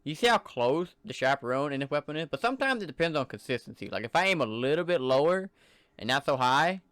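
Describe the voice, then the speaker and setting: A man's voice: a little high, lively intonation, fast talker, fairly bright tone, clean tone, no room sound, studio quality. A man giving casual, enthusiastic commentary over gameplay footage in a loose, conversational way. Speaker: gaming channel creator.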